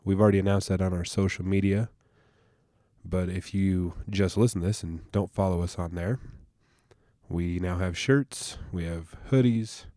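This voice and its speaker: A man's voice: low-pitched, fairly even intonation, moderate pace, mellow, no echo, studio quality. A man hosting a podcast, talking in a laid-back, casual way with a stuffed-up nasal voice from allergies. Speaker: podcast host. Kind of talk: casual podcast intro and chat.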